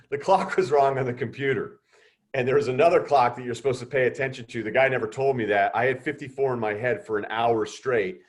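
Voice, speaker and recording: A middle-aged man telling students a story over a video call, animated and acting out the voices of others. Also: mid-range voice, brisk. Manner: animated, acts out quoted voices. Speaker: guest speaker.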